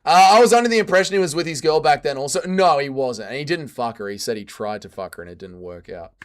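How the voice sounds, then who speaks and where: A man hosting a casual livestream, reading chat and firing back crude jokes as he rambles. His voice sits a little higher than most men's, and he talks in a loose, offhand way. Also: expressive, fast talker. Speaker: streamer host reading chat.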